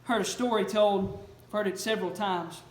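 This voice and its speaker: High-voiced preacher, echoey church. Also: male voice, fairly even intonation, normal speed. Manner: earnest, questioning, storytelling. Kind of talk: sermon. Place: church sanctuary. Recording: echoey church room, faint noise.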